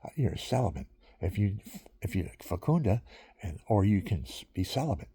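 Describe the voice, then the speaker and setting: A man's voice: on the low side, sing-song, normal speed, warm tone, slightly rough. A man rambling through stories in a casual monologue he is taping himself, drifting from one thing to the next and chuckling often.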